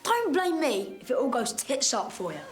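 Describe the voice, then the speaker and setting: A cheeky adult salesman with a lively, bouncing voice, pushing crude ideas with no shame, as a child acts him out. Loud music and a laugh track sit under the voice in this sketch comedy. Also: high voice, moderate pace. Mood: brash. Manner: pushy, crude punning sales patter. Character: brash cheeky male ad salesman.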